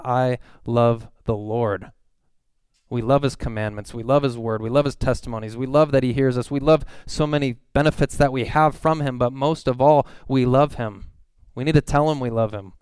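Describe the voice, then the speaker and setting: A man's voice: medium pitch, darkish tone, smooth, dry recording. A man in his thirties preaching a sermon, reading psalm verses and telling stories about his family in an earnest, conversational way. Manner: earnest, conversational, reads scripture aloud. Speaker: pastor.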